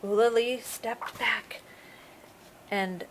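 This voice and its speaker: A woman, a preschool teacher, reading a storybook aloud to young children in a slow, expressive way. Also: on the high side, background noise.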